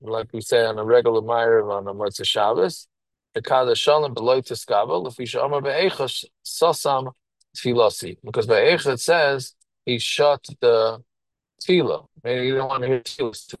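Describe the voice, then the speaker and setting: A man of middle pitch teaches through a text, each phrase with a lilt and then glossing it in English. He talks in short phrases and often restarts them. The sound is dry and close, with no room around it. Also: normal speed, no echo, rough recording. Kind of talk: reading and translating a Hebrew text line by line.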